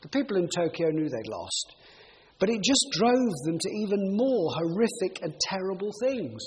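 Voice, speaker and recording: A middle-aged man preaching a sermon, telling stories in a lively way and shifting his volume for emphasis. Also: normal speed. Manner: animated storytelling, shifting pitch and volume for emphasis. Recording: reverberant hall with faint noise.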